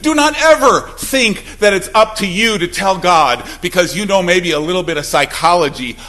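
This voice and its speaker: Male pastor, sermon delivery, animated intonation, punchy then hushed. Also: high-pitched. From Wisconsin. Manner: emphatic preaching with sudden loud and soft swings.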